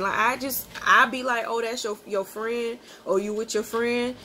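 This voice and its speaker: A woman casually telling a personal story, swearing freely and acting out her own sharp comebacks. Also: a little high, moderate pace, hardly any pauses, slight background noise. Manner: profane, animated, quotes people in sharp outbursts.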